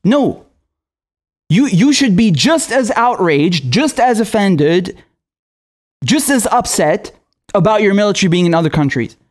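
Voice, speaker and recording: High-voiced man ranting with exasperation. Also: big pitch swings, unhurried, long pauses. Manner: profane, exasperated, sarcastic. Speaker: political commentator. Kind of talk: angry ranting commentary.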